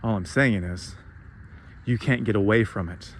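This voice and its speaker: A man's voice: on the low side, fairly quick, slight background noise. A man giving a heated, profane spiritual rant, sarcastic and emphatic, who swears freely. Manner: sarcastic, mocks others in put-on voices. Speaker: spiritual vlogger.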